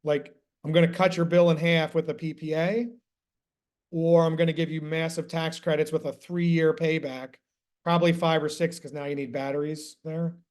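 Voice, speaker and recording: A man's voice: on the high side, normal speed. A man coaching on solar sales in a casual screen-share session, talking bluntly and swearing often. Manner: profane, blunt and animated.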